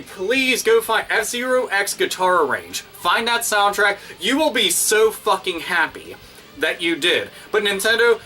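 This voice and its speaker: A man hosting his own video, ranting casually and excitedly with constant swearing and crude exaggeration. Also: sits high, recorded from a distance. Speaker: video host. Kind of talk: casual profane rant.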